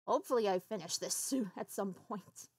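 A woman's voice: mid-range voice, normal speed, slightly rough, no room sound. A woman streamer chatting casually with her viewers while setting up and playing a game, swearing offhandedly. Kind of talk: casual livestream chat while gaming.

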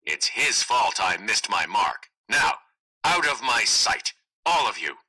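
Guy reading as a spoiled rich brat, loud, bossy, whiny, super bright bursty voice. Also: fairly low pitch, very animated, slow pace, breathy edge, heavily acted, low-quality recording. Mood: hissing threat. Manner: bossy, whining, shouts in bursts. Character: spoiled bratty young nobleman, loud and demanding. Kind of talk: read-aloud play.

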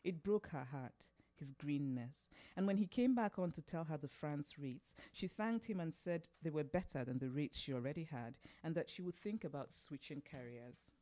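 A woman novelist reading her own fiction aloud, unhurried and expressive. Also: sits low. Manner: unhurried, expressive, laughs at slips.

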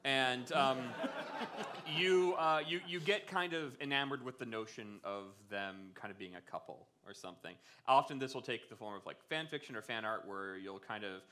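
A man's voice: mid-range voice, normal speed, sharp tone, slight background noise. A man from the Pittsburgh area, a game developer guest, chatting and joking at a live podcast show before an audience. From Pittsburgh area, USA. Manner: joking, rambling, laughs often. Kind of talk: live podcast chat on stage. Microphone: stage mic before live audience.

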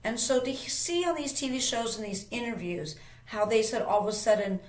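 In a room with noticeable echo, a woman host with a fairly high voice recounts something from her own life at a normal pace, hardly pausing. Her casual telling is emphatic and wandering, full of restarts and repetition.

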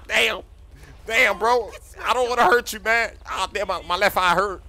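A young man in excitable, slangy game role-play commentary with loud outbursts. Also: high-pitched, normal speed. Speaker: gaming YouTuber.

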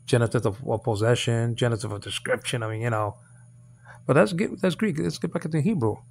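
A man's voice: medium pitch, fairly quick, gravelly. A man giving an informal, rambling Bible language lesson, often checking that his listeners follow. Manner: chatty, rambling, keeps asking "you understand what I'm saying?". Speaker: Bible teacher.

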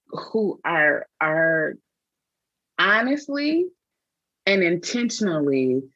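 Woman, podcast guest, earnest, reflective, deep voice, slow delivery. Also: fairly bright tone, dry recording, lo-fi sound. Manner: earnest, reflective, speaks with repeated restarts. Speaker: guest, theologian and author. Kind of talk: podcast interview conversation.

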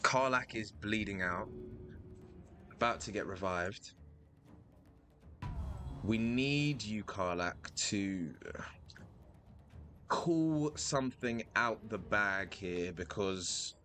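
A man giving playful, animated commentary while playing a video game, thinking aloud and repeating himself. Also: fairly low pitch, slow, pauses often, faint music behind. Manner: animated, playful, sudden loud outbursts. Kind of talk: live gameplay commentary.

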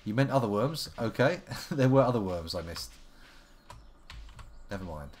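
A game streamer chats to himself as he plays, giving casual, wry live commentary in a fairly low, darkish voice with lively intonation. His pace is moderate, with slight noise in the background.

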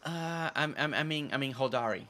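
A man's voice: mid-range voice, a little fast, background noise. A man whose first language is not English, chatting casually over his gameplay. He repeats himself and stumbles over tricky names. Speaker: gameplay video host.

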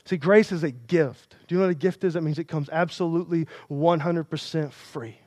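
A male pastor with a high voice preaches with impassioned force. The sound is dry and close, with no room echo around him. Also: brisk, darkish tone. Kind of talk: sermon.

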